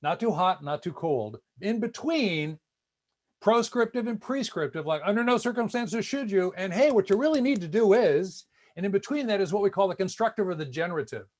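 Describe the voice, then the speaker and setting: A man with a rather high voice gives an online talk. He tells stories with energy and slips into the voices of the people he quotes. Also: fairly quick. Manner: animated storyteller acting out quoted voices. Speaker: speaker. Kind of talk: lecture-style talk.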